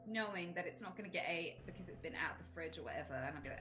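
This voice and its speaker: A woman streamer chatting casually, swearing freely and acting out lively retellings. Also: lowish voice, fast talker, soft background music. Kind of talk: casual chat.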